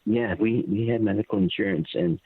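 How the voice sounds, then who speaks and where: Older man with a deep, gravelly voice on a phone line. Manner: halting, repeats words, stumbles when upset. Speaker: guest, father of the subject. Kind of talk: phone interview, personal account.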